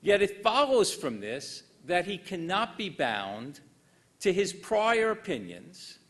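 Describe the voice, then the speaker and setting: Older man, university lecture, expressive intonation, wry asides. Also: high voice. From United States. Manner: dry wit, measured emphasis. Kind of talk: formal academic lecture. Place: lecture hall.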